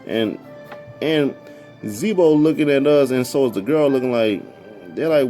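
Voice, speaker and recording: A man casually telling a story from his past, animated and full of repeated "I'm like" asides. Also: mid-range voice, measured pace, soft background music.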